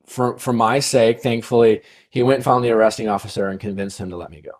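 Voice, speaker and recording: A man's voice: fairly low pitch, fairly even intonation, fast, a little mellow. A man hosting a podcast, casually telling a long personal story, full of fillers and tag questions. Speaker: podcast host.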